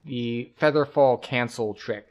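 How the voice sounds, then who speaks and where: Game streamer, male, mid-pitched, easygoing running commentary that explains each move. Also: a little slow. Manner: thinks aloud, explains game mechanics at an easy pace. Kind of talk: casual gameplay commentary.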